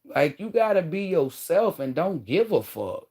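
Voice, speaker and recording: A woman in her thirties talks directly to her viewers in a casual advice monologue. Her delivery is blunt and animated, full of slang and casual swearing. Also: on the low side, measured pace, slightly rough. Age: 30s. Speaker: vlogger giving relationship advice.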